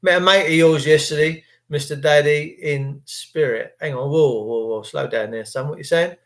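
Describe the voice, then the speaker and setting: Brief: English male streamer, jokey and crude, slightly higher voice. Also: normal speed. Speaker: livestream host reading chat. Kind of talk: rambling casual monologue.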